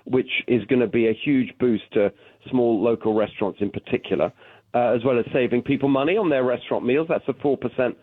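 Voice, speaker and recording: A man with a British accent, a political candidate calling in to a radio show, animated and full of restarts. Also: mid-range voice, a little fast, slightly rough, no echo. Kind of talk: phone-in radio interview. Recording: tinny phone line.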